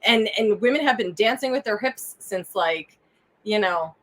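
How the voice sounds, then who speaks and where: A woman's voice: medium pitch, lively intonation, moderate pace, a bit bright. A woman guest on a podcast, chatting casually and laughing often. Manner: giggly, chatty. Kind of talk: casual chat.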